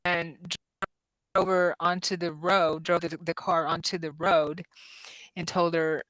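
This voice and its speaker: Chatty woman in her fifties, low-pitched. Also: level tone, measured pace, fairly bright tone, no room sound, low-quality recording. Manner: chatty storyteller with many ums and restarts. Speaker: psychic-medium host. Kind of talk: casual livestream chat.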